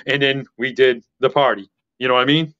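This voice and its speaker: A man talking as a podcast guest in casual chat, excitable and rambling, with a loud voice that carries. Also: mid-range voice, fairly quick, clear, resonant tone, lo-fi sound.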